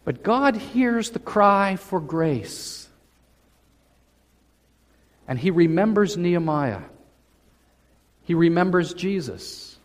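Slow-preaching man in a reverberant church. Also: high-pitched, big pitch swings. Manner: slow, emphatic preaching with drawn-out phrases. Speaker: pastor. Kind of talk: sermon. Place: church sanctuary. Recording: church hall with long reverb.

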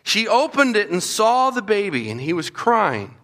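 A man preaching a Bible story to children, animated and acting out the voices of the people in it. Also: sits high, moderate pace. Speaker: children's pastor. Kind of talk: storytelling sermon.

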